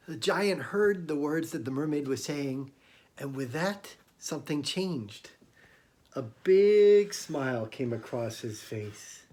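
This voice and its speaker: Expressive man telling a children's story. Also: on the high side, slow pace. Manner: animated and expressive, asking children questions. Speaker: storyteller and illustrator. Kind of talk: interactive storytelling for young children.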